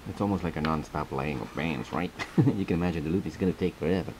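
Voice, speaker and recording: A man's voice: rumbling low, quick pace, darkish tone, a little hiss or hum, low-quality recording. A man hosting a casual step-by-step craft tutorial, chatty and laughing often as he repeats his instructions.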